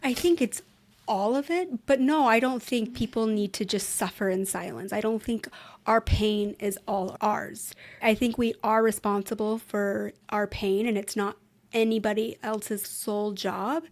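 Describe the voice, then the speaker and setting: This is a woman therapist talking on a podcast. Her voice is gravelly and of middle pitch. She sounds calm and reflective, and she gently coaches her listener with repeated rhetorical questions. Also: unhurried. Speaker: therapist guest. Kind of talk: podcast conversation.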